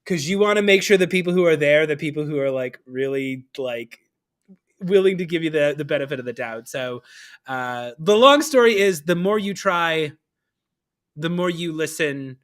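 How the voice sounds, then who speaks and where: A man hosting a casual live-stream conversation, telling stories with a lively comic delivery. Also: fairly high pitch, normal speed. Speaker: host.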